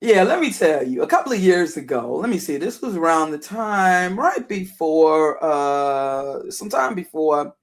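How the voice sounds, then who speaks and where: A middle-aged woman with a deep alto voice, hoarse and worn, rambling through casual live-stream commentary and greeting viewers by name. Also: expressive, unhurried, few pauses. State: hoarse, voice wearing out.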